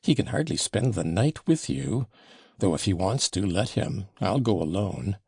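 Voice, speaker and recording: A man's voice: sits low, very animated, normal speed, creaky, darkish tone, slightly rough, dry recording, clean studio sound, heavily acted. A man reading an audiobook voices a jealous young man who talks with a jeering sneer. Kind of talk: audiobook character voicing.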